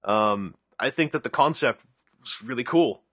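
A man's voice: mid-range voice, animated, a little slow, fairly bright tone, breathy edge, no echo, clean studio sound. A man co-hosting a casual podcast, talking with enthusiasm and rambling through fillers. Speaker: podcast co-host.

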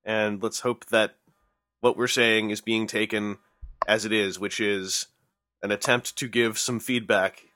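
Bright, dry-voiced male podcast host. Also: on the low side, flat delivery, unhurried, no echo. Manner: joking, teasing, showman-like. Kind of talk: casual podcast chat.

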